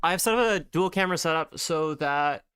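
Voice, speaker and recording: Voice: medium pitch, fairly quick, fairly bright tone, clear, resonant tone. A streamer chatting casually to viewers while drawing, greeting them by name, with rambling asides.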